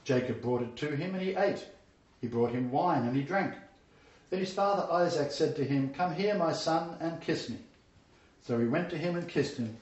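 A man's voice: mid-range voice, expressive, normal speed, darkish tone. Man reading scripture and commenting emphatically, far off, lots of room echo. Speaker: Bible lecturer. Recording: echoey, distant, dull-sounding room.

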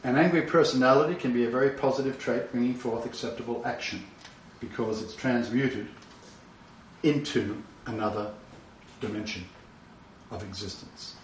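Older man, sermon, preacher, dramatic loud-to-hushed swings, muffled dull recording. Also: normal speed, pauses often, a little hiss or hum. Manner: dramatic swings between loud emphatic bursts and hushed low asides. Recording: roomy, distant, dull-sounding hall recording.

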